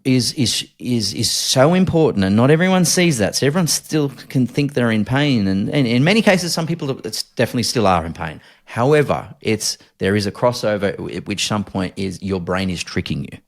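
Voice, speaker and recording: A man in his forties with an Australian accent, recounting a hard time as a podcast guest, earnest and halting with many restarts. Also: medium pitch, lively intonation. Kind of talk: candid interview storytelling.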